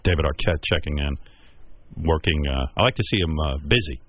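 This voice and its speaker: A man's voice: extremely low pitch, animated, a little fast, highs cut off. A male radio show host bantering with a phone-in guest, teasing and crude, laughing at his own jokes.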